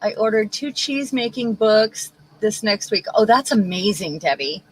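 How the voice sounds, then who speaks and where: A woman's voice: mid-range voice, unhurried, slight background noise, poor audio. A woman co-hosting a craft livestream, chatting in a rambling way while she works. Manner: animated, rambling. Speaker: livestream co-host. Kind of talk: casual chat while crafting.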